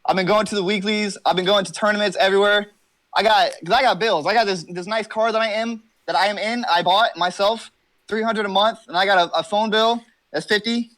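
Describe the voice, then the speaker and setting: A man's voice: sits high, steady tone, a little fast, fairly bright tone. A young man talking from his car as an interview guest, joking, boasting and rambling with lots of swearing. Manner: brash, profane, rambling comic boasting.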